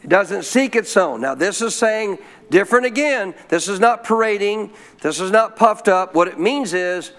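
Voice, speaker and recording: A man preaching a sermon, throwing frequent questions to the congregation and slowing down to stress key phrases. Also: high voice, animated, fairly bright tone. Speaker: pastor.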